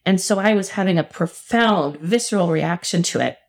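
A woman's voice: mid-range voice, normal speed, hardly any pauses, darkish tone. A middle-aged woman telling a personal story as a podcast guest, earnest and emphatic with frequent laughs.

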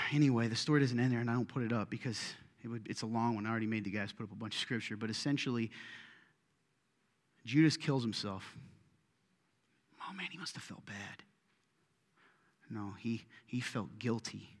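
A middle-aged man preaching a sermon to his congregation, swinging between loud bursts and hushed asides. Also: mid-range voice, moderate pace, pauses often. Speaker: pastor. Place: church auditorium. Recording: reverberant hall.

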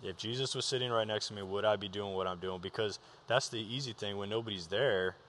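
A young professional baseball player, appearing as a guest, talks candidly and earnestly about his faith, restarting his sentences many times. His voice is on the low side, brisk and a bit bright, with slight background noise.

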